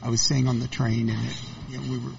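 A man's voice: mid-range voice, level tone, quick pace, creaky, highs cut off, noisy background. A man co-hosting a casual interview, telling anecdotes and laughing along.

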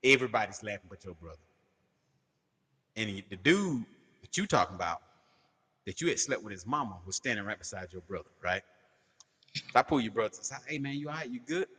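A man co-hosting a podcast, telling animated, profane stories and laughing often in casual chat. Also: on the low side, fairly quick, long pauses, husky, big-room sound. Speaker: podcast co-host.

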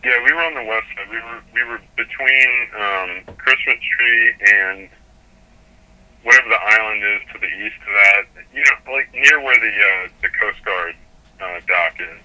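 A man with a very bright, forceful voice sits for an interview and tells his sailing story in a lively, rambling manner. He pitches a bit low and restarts his sentences often as he goes. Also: normal speed, rough recording. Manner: animated storyteller with many restarts. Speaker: sailor guest.

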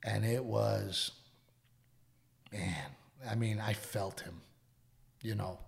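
A man, co-hosting a podcast in casual chat, telling earnest stories and going hushed at heartfelt moments. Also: on the low side, steady tone, slow pace, creaky. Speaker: podcast co-host.

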